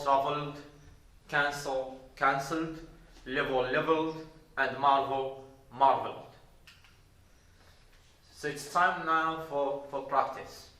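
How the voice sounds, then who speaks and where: A man from Morocco teaching an English grammar lesson deliberately, repeating words and spelling out verb endings. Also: fairly high pitch, bright, forceful tone. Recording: roomy echo.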